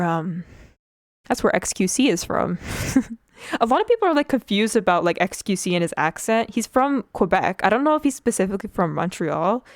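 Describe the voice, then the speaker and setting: A young woman from Canada talks through a casual drawing livestream, her voice on the low side for a woman and clean and smooth. She rambles from thought to thought with fillers along the way, and a slight speech impediment colours her words. The sound is dry and close, with no room around it. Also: dry recording. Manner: chatty, rambling, frequent fillers and laughs. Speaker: Twitch streamer.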